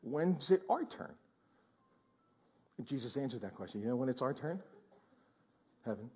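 A man's voice: medium pitch, expressive, moderate pace, a little mellow, husky. A male pastor preaching a sermon in church, exclaiming and prodding the congregation with questions.

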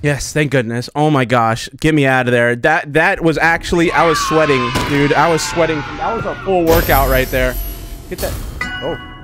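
High-voiced guy doing excitable vr gameplay commentary, goofy and self-mocking, loud game music behind. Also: normal speed. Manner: excitable, self-mocking, frequent laughs and exclamations. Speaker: gaming YouTuber. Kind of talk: casual let's-play commentary.

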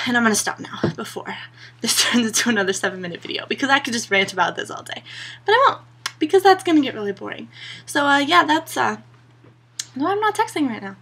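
A woman's voice: on the high side, big pitch swings, fast talker, sharp tone, husky. A young woman vlogging to her camera, a sarcastic and exasperated rant full of "like" and "you know". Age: young adult.

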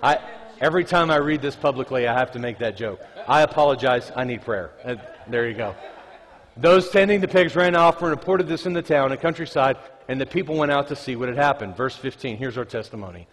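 A man's voice: mid-range voice, fairly quick. A man preaching a conversational sermon, reading scripture aloud and joking with the congregation. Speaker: pastor. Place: church sanctuary. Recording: reverberant church hall.

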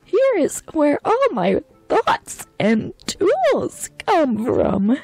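A woman's voice: high-pitched, wildly swooping pitch, drawn-out words, creaky, a little mellow, dry recording, soft background music, full character voice. A woman putting on a pompous formal greeter. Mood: grandiose.

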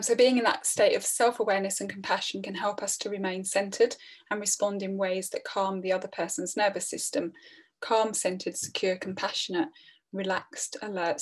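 A middle-aged woman presenting a training webinar in a calm, earnest way, often restarting her phrases. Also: mid-range voice, breathy edge. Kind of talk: online training talk.

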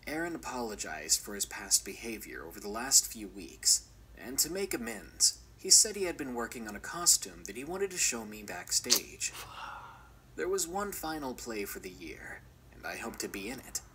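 A man reading a first-person horror story aloud as scripted narration, measured and often dropping to a whisper. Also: on the low side, big pitch swings, bright, forceful tone, a little hiss or hum, poor audio.

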